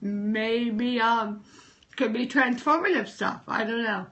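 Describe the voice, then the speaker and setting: A woman's voice: on the high side, slow, a bit bright, poor audio. A young woman hosting a casual live-stream chat from her kitchen table, emotional and enthusiastic. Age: young adult. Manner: emotional, tearful at times, enthusiastic. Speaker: host.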